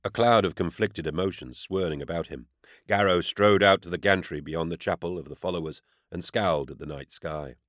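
A man giving scripted audiobook narration in a measured, grave storytelling manner. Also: low-pitched, fairly bright tone, no room sound, studio quality.

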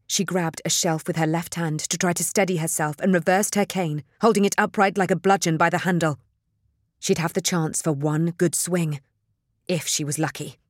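This scripted audiobook narration comes from a woman with a low voice who tells the story in a calm, even, measured way. The sound is clean and studio-grade, without any echo.

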